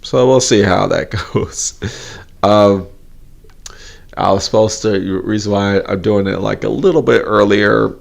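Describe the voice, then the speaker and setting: The host of a casual live stream speaks a little slowly in a lowish voice with vocal fry. Tired and a bit worn out, he rambles easily and keeps chuckling.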